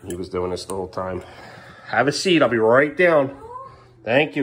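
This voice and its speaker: A man in his thirties filming a casual home vlog as a father, coaxing his young kids upbeat, then dropping to low tired asides for the camera. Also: lively intonation, normal speed, long pauses, a bit bright, slightly rough. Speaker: father and vlogger. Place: family home indoors.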